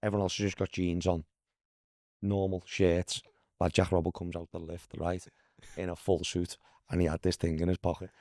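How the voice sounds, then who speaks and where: A man's voice: deep voice, normal speed, no echo, clean studio sound. A man from Liverpool with a Scouse accent, telling stories in a casual podcast chat and mimicking the people in them. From Liverpool, England. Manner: animated, mimics voices in anecdotes, says "lad" constantly. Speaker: guest, former footballer. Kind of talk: casual storytelling.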